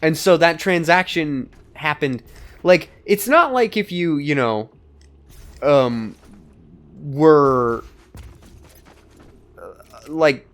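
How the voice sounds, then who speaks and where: A man's voice: fairly high pitch, lively intonation, extremely slow, pauses often, fairly bright tone. A young man co-hosting a let's play, rambling in casual gaming banter, swearing and laughing often.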